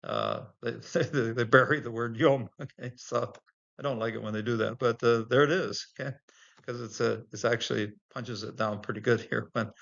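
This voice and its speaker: Gravelly man teaching a Bible lesson. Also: medium pitch, fairly even intonation, moderate pace, a bit bright, muffled recording. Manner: explains word by word with many fillers and chuckles. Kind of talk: informal Bible language lesson.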